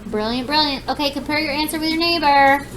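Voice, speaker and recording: Upbeat high-voiced woman teacher. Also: a little fast, crowd noise, rough recording. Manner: upbeat, encouraging, talks students through steps. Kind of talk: classroom lesson.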